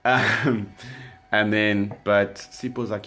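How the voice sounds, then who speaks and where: A young South African man casually telling a story, relaxed and rambling, with lots of fillers and restarts. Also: low voice, moderate pace. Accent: South African English. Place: indoors by candlelight.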